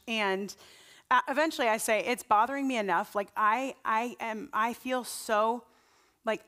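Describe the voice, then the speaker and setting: A woman pastor preaching a sermon, telling personal stories in a conversational, earnest way before leading a prayer. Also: a little high. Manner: conversational storytelling, earnest and animated.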